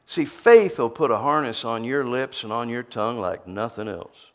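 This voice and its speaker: A man's voice: medium pitch, lively intonation, normal speed, a bit bright. A man preaching a sermon, reading scripture aloud and teasing the crowd with rhetorical questions.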